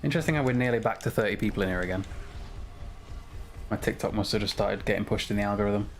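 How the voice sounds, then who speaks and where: A man's voice: on the low side, fast talker, soft background music. A man chatting casually with viewers while streaming a game, swearing freely and grumbling at the controls. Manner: swears a lot, chatty and frustrated at games. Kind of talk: casual gaming stream chat.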